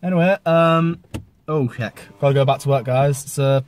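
A man's voice: mid-range voice, moderate pace. A man hosting a comedy vlog with self-deprecating, apologetic asides. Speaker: vlogger.

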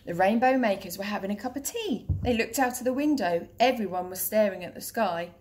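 A woman teacher reading a children's picture book aloud in a clear, steady, gentle voice. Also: medium pitch, fairly quick.

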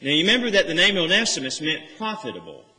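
A man's voice: fairly high pitch, wildly swooping pitch, fast, sharp tone. Man preaching in a reverberant church. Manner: earnest expository preaching, rising emphasis on key phrases. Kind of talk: sermon. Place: church sanctuary. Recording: church sanctuary with long reverb.

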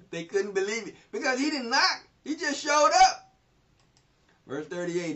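A man with a high-pitched voice teaches through a scripture passage in a loose, informal way. He laughs often and retells each verse in plain everyday speech. The recording is distant, dull and lo-fi. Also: big pitch swings, measured pace, a bit bright. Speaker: Bible teacher. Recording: distant mic, dull lo-fi sound.

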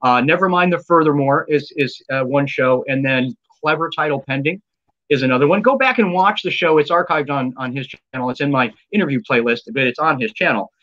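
A man's voice: medium pitch, fairly quick, fairly bright tone. Playful male live stream host. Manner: playful, jokey, stumbles and repeats words. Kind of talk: casual live stream chat. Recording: dull lo-fi stream audio.

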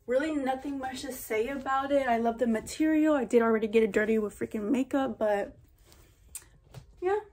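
A young woman vlogger chatting casually to camera during a try-on haul, gushing and talking in a loose, chatty way. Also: on the high side. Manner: chatty and gushing, says freaking and oh my gosh a lot.

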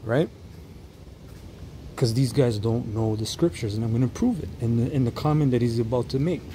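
A man giving reaction commentary on a street preaching clip, stumbling and restarting as he explains, then reading Bible verses slowly and deliberately. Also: medium pitch, warm tone, a little hiss or hum, low-quality recording.

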